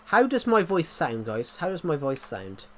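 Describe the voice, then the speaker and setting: A man's voice: fairly high pitch, big pitch swings, moderate pace. An English man chatting casually on a livestream, rambling with many restarts and fillers, his throat sore. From England. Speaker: livestream host.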